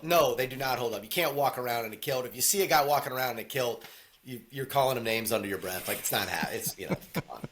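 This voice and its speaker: A man's voice: medium pitch, quick pace, a bit bright. A man co-hosting a podcast, chatting casually and jokingly about a film and acting out quotes in silly voices. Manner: rambling, jokey, acts out quotes in silly voices. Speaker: podcast co-host. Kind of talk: casual movie chat.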